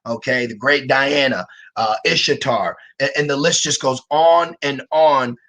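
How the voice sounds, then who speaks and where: A man's voice: mid-range voice, a little slow, fairly bright tone. Man teaching a streamed scripture lesson. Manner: frequent "okay" and "all right" check-ins with listeners; hesitant, many "uh" and "um" fillers. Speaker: religious teacher.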